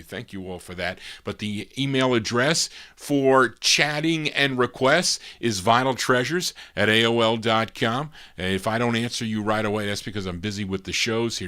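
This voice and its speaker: Middle-aged male DJ host, low-ish voice, casual rambling chatter at a home mic. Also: bright, forceful tone. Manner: chatty, rambling asides with fillers. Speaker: radio-style DJ host. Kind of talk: casual live-stream DJ chat.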